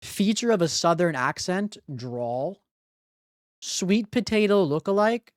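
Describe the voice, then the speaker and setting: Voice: medium pitch, animated, slow pace, dry recording, clean studio sound. A live streamer chatting casually with viewers while solving word puzzles, thinking aloud with blunt, profane banter. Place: home streaming room.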